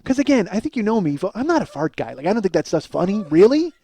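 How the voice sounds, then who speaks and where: A man's voice: high voice, big pitch swings, quick pace, warm tone, a little hiss or hum. A middle-aged man hosting a solo comedy podcast, telling a rambling, self-deprecating story and laughing at himself. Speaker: podcast host.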